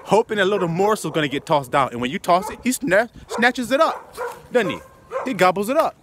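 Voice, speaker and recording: A man's voice: sits high, lively intonation, fairly quick, noisy background. A man preaching a confrontational, profane sermon full of rhetorical questions. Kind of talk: fiery street sermon.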